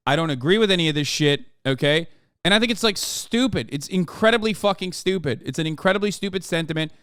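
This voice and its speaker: An exasperated man rants on a livestream, cursing and stressing each point with a demanding "okay?". His voice sits high and comes through smooth and clear. The sound is close and dry, with no room around it. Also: fairly bright tone, dry recording. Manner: exasperated, profane, emphatic, repeats "okay?". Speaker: streamer reacting to posts. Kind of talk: casual livestream rant.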